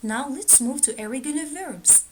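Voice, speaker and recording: A woman teaching a grammar lesson, reading out word pairs slowly and deliberately. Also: sits high, lively intonation, darkish tone, a little hiss or hum, low-quality recording. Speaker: English teacher.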